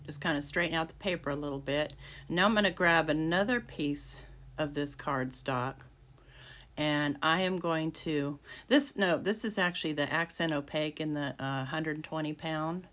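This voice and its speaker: A woman's low-pitched, fairly bright voice moves at normal speed as she explains making a handmade card step by step. It's a casual tutorial in her home craft room, full of restarts as she narrates her actions.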